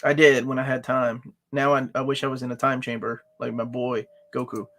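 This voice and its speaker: A man's voice: medium pitch, level tone, fairly quick, a bit bright. A man hosting a casual live-stream chat, joking and playful as he talks. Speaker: host.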